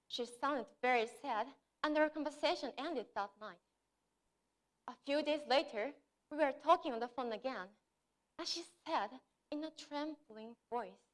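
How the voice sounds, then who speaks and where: A woman's voice: high-pitched, animated, measured pace, pauses often. A young woman from Japan, delivering a memorized, earnest speech as a contestant at a contest. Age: young adult. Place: contest stage.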